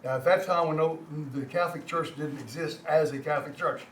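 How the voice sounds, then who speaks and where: Faint hum and a roomy, distant-mic sound frame this older Texan man's community language class. Lecturing from slides, he speaks haltingly and folksily, repeating words often and joking with students, his voice on the high side and steady in tone.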